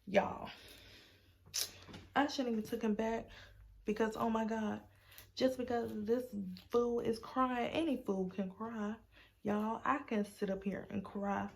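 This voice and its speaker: Gravelly-voiced woman telling a storytime. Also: medium pitch. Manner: animated, acts out quotes in a sassy tone. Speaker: storytime vlogger. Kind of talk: casual storytime vlog.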